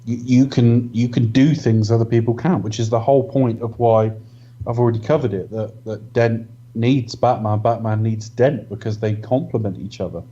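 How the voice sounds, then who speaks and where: Podcast guy breaking down a scene, warm low tone, kinda dull muffled mic. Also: steady tone, normal speed. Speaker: podcast co-host. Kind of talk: casual film review chat.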